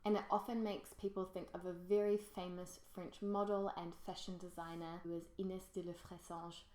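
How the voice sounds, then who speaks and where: A woman's voice: on the low side, flat delivery, a little fast, darkish tone. Chatty woman vlogger in an echoey room. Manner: enthusiastic, gushing about favourites. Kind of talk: casual presenting to camera. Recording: roomy echo.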